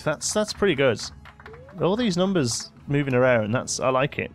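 Very animated and speaking at normal speed, a young man with a mid-range voice hosts a let's play. His casual commentary has him bossing his in-game characters with playful exasperation.

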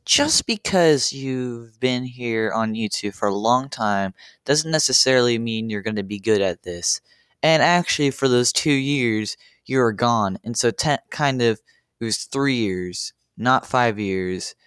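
A man's voice: mid-range voice, lively intonation, a little slow, a bit bright, clean tone, no room sound, studio quality. A man giving profane reaction commentary on a video, exasperated and rambling, with stammers.

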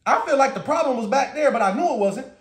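High-voiced man ranting, profane. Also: fast. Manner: profane, animated, ranting and laughing. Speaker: storyteller. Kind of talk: storytime vlog rant. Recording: roomy echo.

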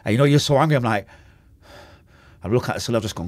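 A man's voice: lowish voice, animated, fast talker, a little mellow, no echo. A man telling an intense, emotional personal story as a podcast guest. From Manchester, England. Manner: intense, emotional, acts out quoted voices.

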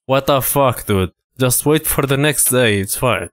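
A gaming channel host gives casual let's-play commentary, laid-back as he mutters loose reactions and swears often. His mid-range voice is lively in intonation and unhurried.

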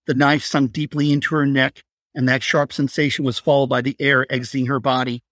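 A man's voice: mid-range voice, little pitch movement, fairly quick, a bit bright, no room sound. Man reading a thriller aloud, dry sound. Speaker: author reading his novel.

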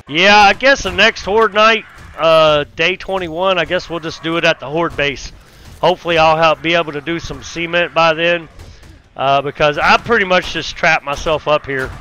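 A man giving casual let's play commentary while fighting a zombie horde, with loud cursing exclamations and folksy grammar. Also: a little high, normal speed, smooth. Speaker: gaming YouTuber.

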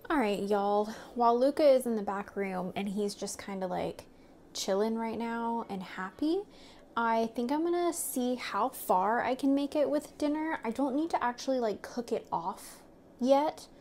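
A woman's voice: a little high, expressive, unhurried, a little mellow, slight background noise. A young woman chatting casually and easily to camera at home, laughing now and then as she vlogs. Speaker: vlogger. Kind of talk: casual vlog chat. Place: home kitchen.

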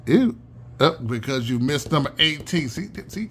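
Chatty man with a gravelly voice. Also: mid-range voice, lively intonation, a little fast, a bit bright. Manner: chatty, calls out numbers in a sing-song chant. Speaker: channel host. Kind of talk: casual scratch-off ticket commentary.

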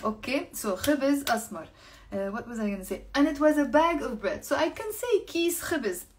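Lively Lebanese woman teaching Arabic. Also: sits high, slight background noise. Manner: switches between English and Arabic, slows down to model pronunciation. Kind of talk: live online language lesson.

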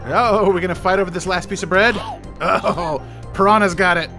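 A man's voice: high-pitched, normal speed. A man hosting a gaming channel, giving playful let's play commentary and chatting to the game characters. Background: game music.

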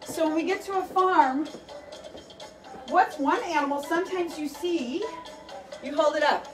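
Heard from afar with faint workout music behind her, a young woman instructs an animal-themed fitness class. Her high voice moves a little slowly as she chats, encourages, and bursts into playful animal sounds.

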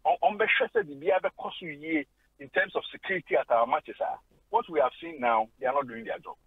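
A man's voice: on the high side, lively intonation, fairly quick, husky, no echo. A man with a Ghanaian accent, a sports journalist on a radio phone-in, speaking emphatically and mixing Twi and English. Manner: indignant, emphatic, switches between Twi and English. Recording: tinny phone line.

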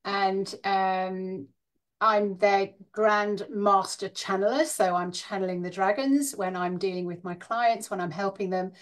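A woman's voice: mid-range voice, fairly even intonation, unhurried. Frank, straight-talking woman guest. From Scotland and northern Britain. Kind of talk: conversational interview.

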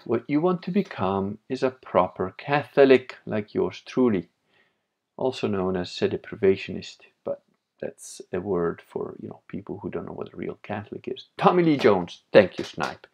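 A man's voice: low-pitched, moderate pace, vocal fry, darkish tone, dull audio. A man hosting a livestream, reading chat messages aloud and answering them bluntly with frequent laughs. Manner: blunt, opinionated, laughs often.

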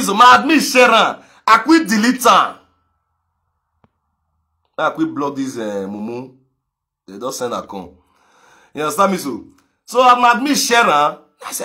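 A man with a Nigerian Pidgin accent ranting on a live video, mocking, laughing and breaking into shouts. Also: high-pitched. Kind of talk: animated rant in pidgin.

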